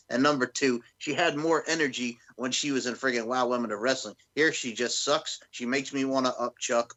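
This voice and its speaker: A man with a bright, forceful tone co-hosts a casual chat show. He talks in loud, excitable rants and swears freely. His pitch sits in the middle for a man. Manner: loud, excitable and profane, ranting. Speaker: podcast co-host.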